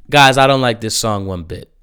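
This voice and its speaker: A young man giving casual, blunt music reviews, swearing and breaking into animated, emphatic outbursts. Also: medium pitch, clear, resonant tone, no echo, studio quality.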